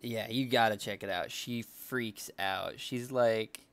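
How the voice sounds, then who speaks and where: A young drawing vlogger chats casually as he draws, relaxed and rambling as he thinks aloud. His fairly low voice takes it slowly, with no room sound.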